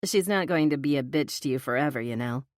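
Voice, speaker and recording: A woman voicing a friendly young female coworker who speaks in a relaxed, reassuring way in an audiobook. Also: rumbling low, fast talker, no room sound, studio quality.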